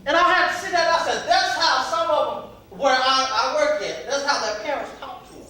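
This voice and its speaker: A man, preaching to young people in a relaxed, conversational way and acting out the voices of the people in his stories. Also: very high-pitched, brisk. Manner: conversational preaching, acts out quotes. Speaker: youth pastor. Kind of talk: preaching to youth. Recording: echoey hall, voice from far off, faint noise.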